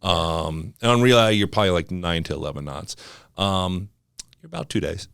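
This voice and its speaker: Deep-voiced relaxed male podcast host. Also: moderate pace, creaky, clear, resonant tone, dry recording, clean studio sound. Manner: relaxed, rambling, lots of fillers and restarts. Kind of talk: casual interview conversation.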